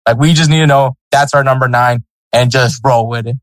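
A man's voice: mid-range voice, steady tone, fairly quick, dry recording, poor audio. Rambling male podcast co-host. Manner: rambling, many fillers and restarts. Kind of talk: casual sports chat.

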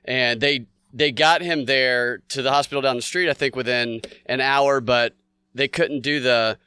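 A man's voice: mid-range voice, fairly even intonation, moderate pace, bright, forceful tone, clear, resonant tone, dry recording. A man chatting casually in an interview, hesitant and searching for words.

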